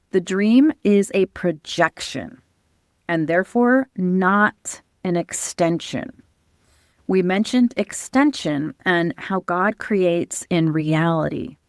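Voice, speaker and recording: A woman podcast host giving a calm, earnest teaching talk over slides. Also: on the low side, no room sound, studio quality.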